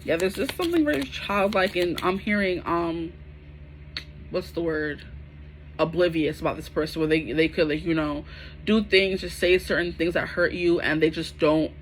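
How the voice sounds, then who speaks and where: A woman in her twenties doing a casual, chatty tarot reading to camera, full of slang and animated asides. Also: lowish voice, a little hiss or hum. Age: 20s. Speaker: tarot reader.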